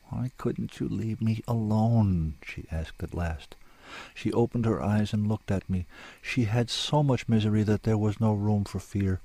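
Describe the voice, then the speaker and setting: A man's voice: lowish voice, dark tone, dry recording. A man reading a dramatic story aloud in an intense, lyrical, sombre manner. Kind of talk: scripted story narration.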